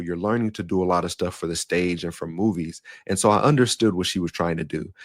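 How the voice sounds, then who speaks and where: A young man from Denver with an African American English accent and Southern touches, slightly nasal and raspy, telling stories in a casual monologue as a podcast host. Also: sits low, no echo, clean studio sound. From Denver, Colorado. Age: young adult. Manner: storytelling, shifts voice up and down.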